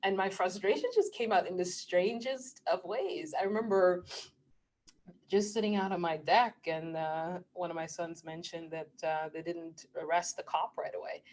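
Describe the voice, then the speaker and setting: Speaking at normal speed in a lowish voice, a middle-aged woman vlogger shares casual spiritual talk with her camera. She comes across as earnest and emotional, breaking into laughter mid-sentence and at times sinking to a near-whisper.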